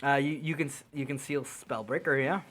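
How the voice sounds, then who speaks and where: A man acting as game master on a voice call, checking the rules in a steady middle pitch and then narrating the fights in loose, giggly bursts, his sentences packed with likes and restarts. Soft music plays faintly beneath him. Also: brisk. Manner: rambling, laughing narration full of fillers. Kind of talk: running a tabletop game over voice chat. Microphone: computer headset or desk mic on a voice call.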